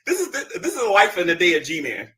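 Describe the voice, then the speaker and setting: A man on a livestream answers his critics with boastful, taunting commentary. His bright voice swings widely up and down in pitch as he mocks them. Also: wildly swooping pitch, brisk. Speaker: streamer reacting to clips.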